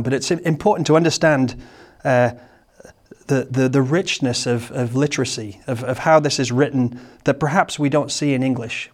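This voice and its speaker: A man preaching a sermon, explaining a psalm in a halting, searching way and often repeating words, then reading scripture slowly. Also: mid-range voice, darkish tone. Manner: slow, measured scripture reading.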